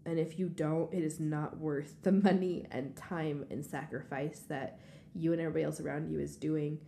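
A woman who coaches figure skating talks in a heartfelt, reflective way, with a lowish, mellow voice. The room around her is echoey, and faint noise sits underneath. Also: fairly even intonation, moderate pace, gravelly. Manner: heartfelt, reflective, laughs often. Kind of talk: casual interview chat.

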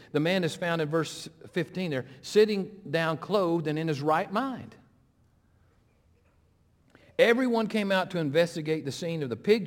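A middle-aged man, an interim pastor, preaching a sermon, swinging between loud, pressing appeals and hushed, slow retellings. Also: fairly high pitch. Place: church sanctuary. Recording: long hall reverb.

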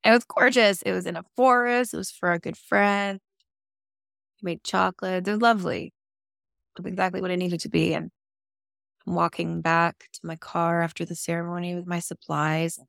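A woman's voice: fairly low pitch, steady tone, normal speed, vocal fry, fairly bright tone, dry recording, clean studio sound. A woman guest on a podcast, candidly telling a personal story in an open, emotional and casual way, with some swearing.

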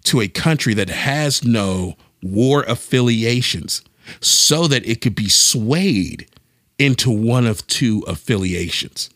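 A man co-hosting a talk podcast in an animated, casual style. He thinks aloud, circling back and restarting his sentences as he goes. His voice is mid-pitched and recorded close and dry. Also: slow pace, no echo. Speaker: podcast co-host. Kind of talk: casual discussion.

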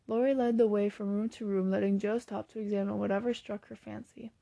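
A woman reading a classic novel aloud in plain, steady storybook narration, now and then correcting a slipped word. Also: mid-range voice, a little fast, creaky, dry recording. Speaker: audiobook reader.

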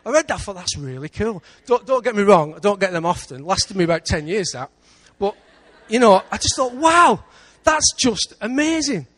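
A man with an English accent preaching a sermon in church, lively, with big swings between loud and quiet. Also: high-pitched, brisk, hardly any pauses. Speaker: pastor.

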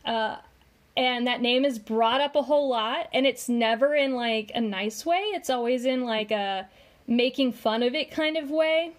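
A woman co-hosting a casual commentary podcast, chatty and heavy on fillers as she explains. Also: high voice. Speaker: podcast co-host.

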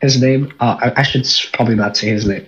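A man's voice: medium pitch, fairly even intonation, fast talker, a bit bright, dull audio. A young man with a nasal voice from a cold, chatting casually as a podcast host, rambling with lots of fillers. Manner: rambling, laughs often, many fillers. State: sick, stuffy nose.

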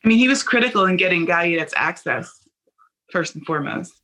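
A woman's voice: on the low side, lively intonation, fairly quick, bright, forceful tone, low-quality recording. A woman producer explaining a colleague's role in a casual interview, in a matter-of-fact way. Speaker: producer on the show.

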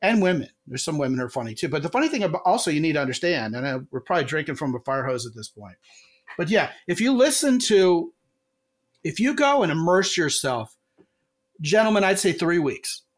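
A man hosting a podcast in casual chat, telling animated stories and acting out quotes in a raised voice. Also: on the high side, brisk.

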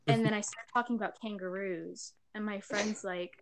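A young woman chats casually, rambling through a story with plenty of filler words. She giggles as she goes and speaks at an ordinary middle pitch. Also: steady tone, normal speed, a loud crowd. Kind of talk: casual chat.

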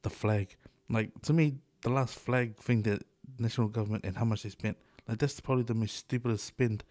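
A man's voice: medium pitch, fairly even intonation, brisk, a little mellow, dry recording. A middle-aged man with a New Zealand accent co-hosting a podcast, talking loosely with lots of swearing, laughs and "eh". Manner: loose, swears a lot, laughs often, fillers like "eh" and "bro". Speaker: podcast co-host. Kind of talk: casual chat.

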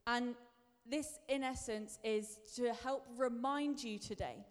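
High-voiced animated woman preaching in a hall. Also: takes it slowly. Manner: chatty, self-deprecating and animated, with bursts of emphasis. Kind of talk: sermon. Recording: long reverb of a large hall.

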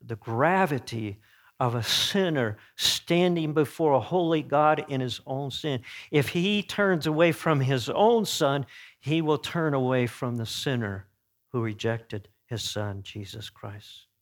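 A man preaching an earnest sermon. He swings between emphatic peaks and hushed, solemn passages, and often corrects himself mid-phrase. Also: mid-range voice, takes it slowly. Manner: frequent self-corrections and restarts.

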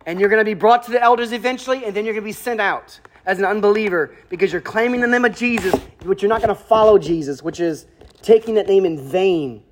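Very high-pitched man in his thirties, pastor delivering an emphatic sermon with repeated phrases. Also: fast talker. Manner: emphatic, rhetorical questions, repeats key phrases.

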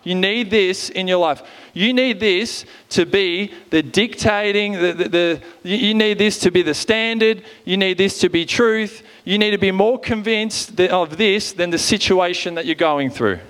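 A man, preaching a sermon from a church stage with lively energy, often urging "come on.". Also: high voice, normal speed, hardly any pauses, clean tone. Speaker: pastor.

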